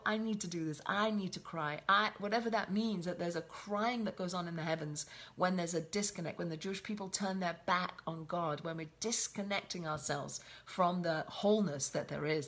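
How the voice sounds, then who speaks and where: A woman's voice: fairly low pitch, a bit bright. A woman giving a reflective spoken Torah lesson on a weekly portion, often repeating and restarting her phrases. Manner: reflective, with frequent restarts and repetition. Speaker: Torah teacher.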